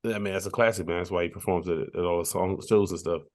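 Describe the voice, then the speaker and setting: A man co-hosting a music podcast, talking in a relaxed, rambling way with frequent restarts. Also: low-pitched, fast. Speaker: podcast co-host. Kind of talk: casual chat.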